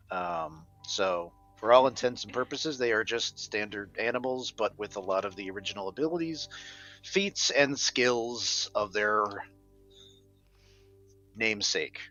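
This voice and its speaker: A man's voice: medium pitch, pushed and bright. Male game master, easygoing scene-setting, dull lo-fi sound. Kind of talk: narrating a tabletop game.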